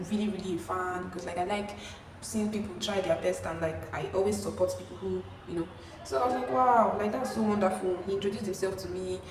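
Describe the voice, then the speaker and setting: Young woman, Nigerian accent, animated storytelling, roomy echo, distant camera mic, faint background hiss. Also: mid-range voice. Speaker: vlogger. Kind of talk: casual storytime. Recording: echoey room, no microphone.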